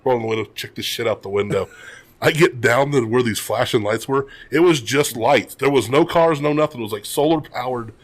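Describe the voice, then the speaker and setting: A man with a husky, slightly breathy voice tells a dry, self-mocking story on a podcast. His pitch sits in an ordinary middle range. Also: brisk. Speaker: podcast co-host. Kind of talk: casual anecdote.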